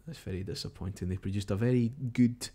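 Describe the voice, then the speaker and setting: A Scottish radio-style broadcaster hosts live overnight results coverage, chatty and musing as he reads tweets, updates and messages aloud. He talks fast in a fairly low, warm voice.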